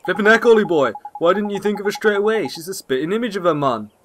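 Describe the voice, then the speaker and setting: A man voicing a cheeky, excitable male fairy who talks in brash slang, with game music behind. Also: sits high, fast, noisy background, voice pushed up, lightly acted.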